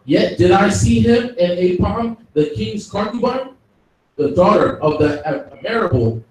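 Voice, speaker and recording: A man's voice: high-pitched, expressive, a little mellow. A man reading scripture aloud carefully, stumbling now and then over the words. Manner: careful, halting reading with restarts. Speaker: scripture reader. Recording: echoey hall, mic far off.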